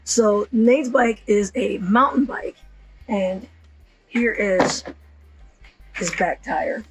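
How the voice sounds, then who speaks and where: A woman hosting a casual how-to video, hoarse from partly losing her voice, chatty and rambling with fillers and self-corrections. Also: medium pitch, extremely slow, faint music behind, poor audio. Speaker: channel host.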